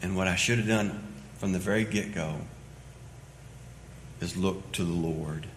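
A man preaching a sermon as pastor, swinging between loud emphatic lines and quiet low asides. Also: measured pace, a little hiss or hum. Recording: echoey hall with long reverb.

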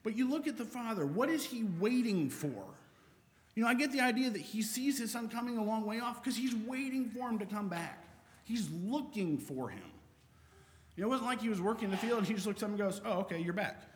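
Conversational preacher, higher-pitched man. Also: expressive, a little fast, slight background noise. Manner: conversational, reads scripture aloud. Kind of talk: sermon. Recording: long reverb of a large hall.

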